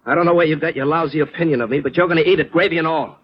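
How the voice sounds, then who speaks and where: An actor playing Joe, a proud, wisecracking clerk in a 1940s radio drama, streetwise and quick to argue. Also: male voice, fairly high pitch, breathy edge. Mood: indignant. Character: Joe, a scrappy working man, proud and touchy. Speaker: insurance clerk. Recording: dull lo-fi old radio recording.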